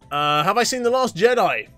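A fairly high-voiced young man does live gameplay commentary with excitable energy, breaking into laughs and sudden yelps as he plays. He reads viewers' questions aloud and chats back. Faint game music plays behind him. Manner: excitable, reads chat questions aloud and answers them, frequent laughter and outbursts. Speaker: gaming livestreamer.

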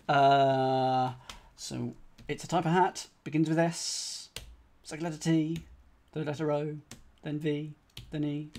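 A man's voice: fairly high pitch, a little mellow. A man solving a cryptic crossword live on stream. He thinks aloud, spells out letters one by one and talks to his chat.

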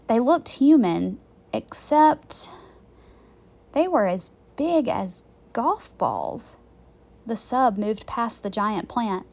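A woman teacher reading a children's chapter book aloud in a slow, clear and expressive way. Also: mid-range voice.

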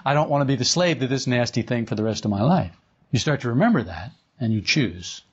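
A man's voice: medium pitch, expressive, a little fast, husky. A man teaching a group in an informal spiritual talk, conversational and chuckling often. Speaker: esoteric teacher. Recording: dull lo-fi recording.

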